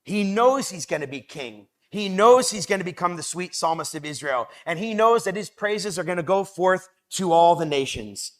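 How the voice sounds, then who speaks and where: Male Bible study speaker, 30s, higher-pitched, energetic delivery that swells on scripture readings. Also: normal speed, few pauses. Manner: lively, swells loud when quoting scripture. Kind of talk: youth Bible study talk.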